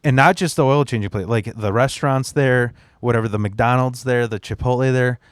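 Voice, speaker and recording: A standup comedian spins rambling, swear-filled anecdotes in casual podcast talk. His voice sits at a middle pitch, close and dry on the mic with no room sound. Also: a little fast, smooth, no echo.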